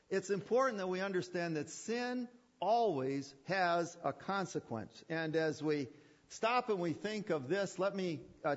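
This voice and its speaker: A man preaching a sermon with emphatic repetition and rhetorical questions. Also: sits high. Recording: dull lo-fi sermon recording.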